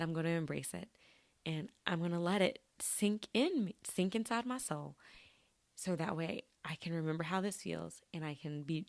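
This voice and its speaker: Woman host, young, slightly low voice; reflective, rambling solo chat. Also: gravelly, no echo. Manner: earnest, chatty, many fillers and restarts, laughs often. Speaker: podcast host. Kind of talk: reflective solo podcast talk.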